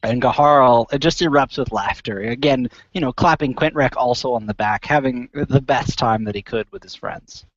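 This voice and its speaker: A man's voice: medium pitch, moderate pace, hardly any pauses, dry recording. Guy rambling thru his character's moves in a tabletop game, lots of uh and you know, dull dry sound. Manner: rambling, many fillers and restarts. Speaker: player.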